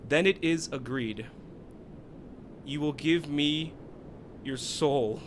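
A cold, menacing demonic child spirit from a video game, as a man puts it on while reading the lines aloud. The delivery is slow, low and ominous, each phrase drawn out. The voice itself sits a little high for a man. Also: a little hiss or hum.

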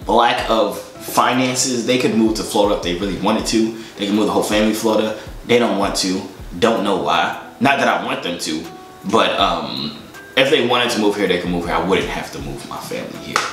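A man's voice: medium pitch, fairly bright tone. A young man casually answering fan questions in a joking, slangy, rambling way. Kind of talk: casual Q&A chat. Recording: echoey room.

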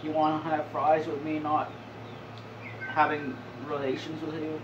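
A folksy older male politician, mock-smooth and a little smug, delivering crude punchlines as a man puts him on. The voice sits slightly high. The recording is dull and roomy, with faint ambience behind it. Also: monotone, unhurried, noisy background, natural voice. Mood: mock-genial.

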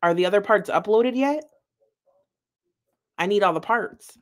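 A woman's voice: medium pitch, lively intonation, measured pace. A woman hosting a live-stream reaction, talking in a chatty, emphatic way and laughing often.

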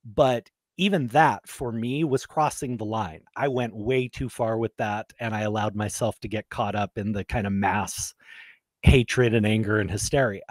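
A man's voice: fairly low pitch, moderate pace, dry recording. A man co-hosting a podcast, telling stories in an emphatic, conversational way. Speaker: podcast co-host. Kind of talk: casual chat.

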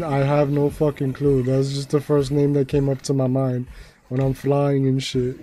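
A man streaming a game and rambling through casual, profane commentary, excitable and self-mocking. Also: medium pitch, moderate pace, a little hiss or hum.

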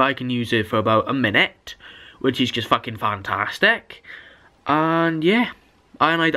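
A man's voice: medium pitch, a bit bright. A young man from Britain telling a rambling, sweary story in a casual storytime vlog, sounding exasperated. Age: young adult. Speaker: vlogger.

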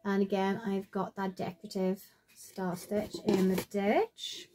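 Woman, 30s, rambling casual craft chat at home, lots of ums, middle pitch. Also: level tone, unhurried, mellow, a little hiss or hum. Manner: chatty and rambling, with many fillers and trailing asides. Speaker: crafter showing her sewing projects. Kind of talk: casual show-and-tell vlog.

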